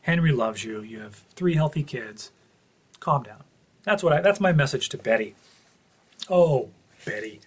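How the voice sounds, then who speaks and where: In a casual spoken review of a TV episode, a man with a mid-pitched, slightly husky voice shares his earnest opinions, working through his thoughts out loud. His intonation is lively and his pace moderate.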